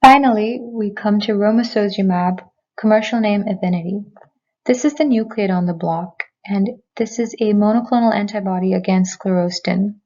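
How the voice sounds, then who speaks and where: A woman physician giving a prepared lecture, speaking in a measured, clear, explanatory way from a remote recording. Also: mid-range voice, a little mellow, dull audio. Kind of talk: prepared medical presentation. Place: remote recording, not in person.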